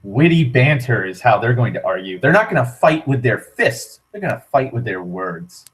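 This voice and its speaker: A young man rants at length in a loose, rambling way, filling his talk with "like" and swearing freely. He often stops and restarts mid-sentence. His voice sits at an ordinary middle pitch. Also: big pitch swings, normal speed. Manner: rambling, profane, heavy on "like", frequent restarts. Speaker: vlogger. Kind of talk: rambling casual rant.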